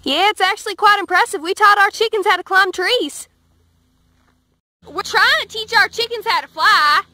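A woman playing a cheerful country farm girl with a Southern drawl, telling deadpan one-liners. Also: very high-pitched, normal speed, no room sound, voice pushed up, heavily acted. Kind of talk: comedy sketch.

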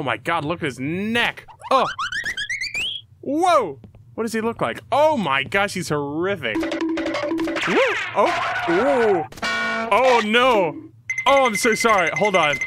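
A man giving excitable commentary on a horror game, yelping and shouting at scares. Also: high voice. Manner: jumpy, yelps and shouts at scares. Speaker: let's play host.

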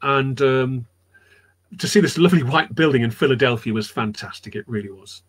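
A man's voice: mid-range voice, moderate pace, a bit bright, slightly rough. A man telling history anecdotes in a rambling, chatty way on a live chat show, repeating his words as he goes. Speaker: storyteller guest.

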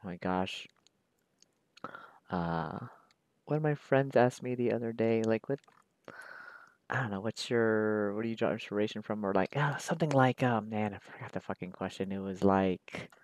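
With a lowish voice and a moderate pace, an artist draws on camera and rambles casually. His chat is slangy, profane, and laid-back.

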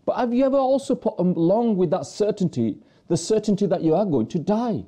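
A man's voice: high-pitched, animated, a little fast, mellow. A man presenting a religious talk to viewers, earnestly preaching with rhetorical questions and repeated phrases.

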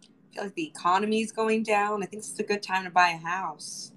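A woman's voice: mid-range voice, fairly even intonation, fairly quick, a bit bright. A young woman chatting casually on a livestream, rambling and joking with her viewers. She teases people in a playful way and drops Spanish slang between her English phrases. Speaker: livestream host.

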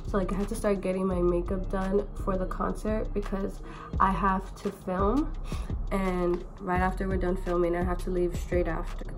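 A young woman who is sick and hoarse, chatting playfully in slang while doing her makeup at home. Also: fairly low pitch, level tone, moderate pace, music in the background. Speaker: beauty vlogger. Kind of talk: casual get-ready-with-me chat.

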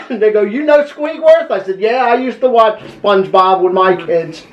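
A man's voice: sits high, moderate pace, fairly bright tone, reverberant, poor audio. An older man, a grandfather, telling an amused story to his family in a wry, easygoing way.

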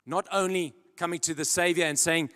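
A man preaching a sermon in earnest storytelling style, dropping to a hush and then rising to loud emphasis. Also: a little high, fairly even intonation, brisk. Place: large church hall. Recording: long church-hall reverb.

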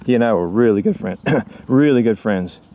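A man's voice: on the low side, lively intonation, moderate pace, dark tone, slight background noise. A man talking outdoors at an animal enclosure, coaxing and praising a cheetah in baby-talk while narrating aloud. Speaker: volunteer visiting a cheetah. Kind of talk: unscripted talk to an animal on camera.

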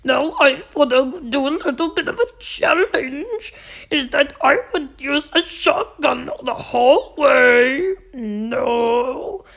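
Slow, gravelly high-voiced woman gamer. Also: lively intonation, a bit bright, low-quality recording. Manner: deliberately strained, odd put-on voice; drawn-out, repetitive. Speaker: gaming channel host. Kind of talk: gameplay commentary.

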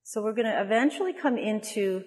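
A woman leading a mother and baby yoga class, giving gentle, soothing cues and cooing at the babies. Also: mid-range voice, fairly quick, in a large hall. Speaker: yoga instructor. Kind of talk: guided yoga class instruction.

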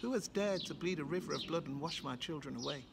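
An enraged king with a British accent, stern and booming as he accuses, as a woman puts him on. Each demand lands hard and commanding. Birdsong and clicks sit behind the voice. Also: quick pace, gravelly, noisy background. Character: furious, commanding male king.

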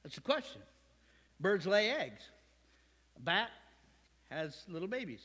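Male pastor, high voice, chatty sermon full of jokes and rhetorical questions, long reverb. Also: big pitch swings, a little slow, pushed and bright. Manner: conversational, joking, rhetorical questions. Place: church sanctuary.

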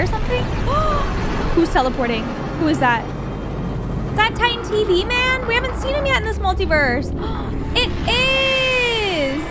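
An excitable woman hosts a cartoon reaction video, talking straight to her viewers. Her voice is very high and bounces all over. She gasps and giggles often. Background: loud background music.

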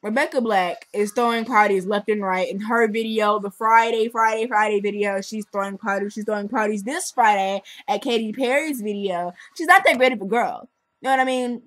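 A young woman reviewing a music video in a chatty, sarcastic, animated way. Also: mid-range voice, brisk, no room sound, poor audio.

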